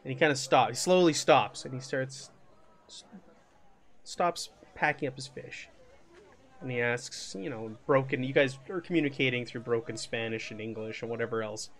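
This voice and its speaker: A man's voice: mid-range voice, moderate pace. A man running a tabletop horror game as game master, talking loosely with many fillers and restarts.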